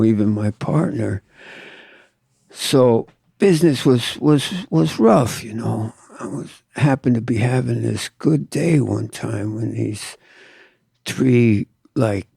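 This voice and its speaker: A man's voice: lowish voice, creaky, warm tone, slightly rough, no room sound, clean studio sound. An older man from Southern California, a tattoo artist telling stories in a laid-back, profane drawl as an interview guest. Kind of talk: casual storytelling.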